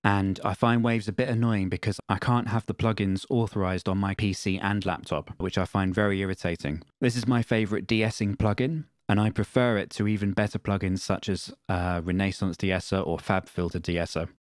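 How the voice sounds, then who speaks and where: A man teaching music production in a screen-recorded software tutorial, explaining in a plain, matter-of-fact way. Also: on the low side, fairly even intonation, brisk, few pauses, no room sound, clean studio sound.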